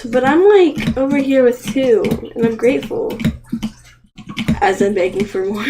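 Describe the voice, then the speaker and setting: Young female streamer: high, unhurried voice, excitable outbursts, water noise behind. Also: rough recording. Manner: excitable, gasping and crying out at the game, then rambling. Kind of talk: live game stream commentary.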